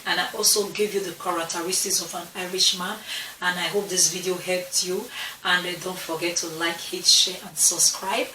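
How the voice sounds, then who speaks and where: Speaking to her channel with a fairly low, flat voice at normal speed, this young adult woman sounds pushed and bright, often restarting and repeating phrases in casual chat to camera. The mic is distant, giving a roomy echo, a bit off-mic, with slight hiss or hum.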